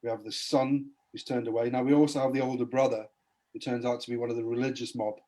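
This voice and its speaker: A man's voice: mid-range voice, level tone, quick pace, warm tone. A man giving a spoken testimony as a podcast guest, earnestly retelling a Bible story in a preacher-like way.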